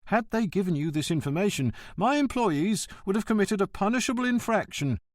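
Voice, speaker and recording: A male narrator puts on a pompous, self-important post office director for an audiobook. The voice jumps up high and shrill and bounces around a lot. It is recorded dry and close. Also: lively intonation, brisk, no room sound.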